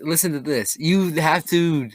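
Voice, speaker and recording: A man's voice: on the high side, measured pace, no echo. A young man co-hosting a casual podcast, rambling through his points with lots of fillers. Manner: rambling, many fillers and restarts. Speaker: podcast co-host. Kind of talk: casual chat.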